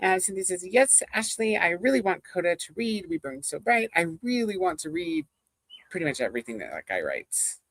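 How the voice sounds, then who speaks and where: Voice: mid-range voice, sing-song, a little fast, fairly bright tone, no echo. A livestream host chatting casually with viewers, rambling, laughing often and reading comments aloud. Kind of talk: casual chat with live viewers.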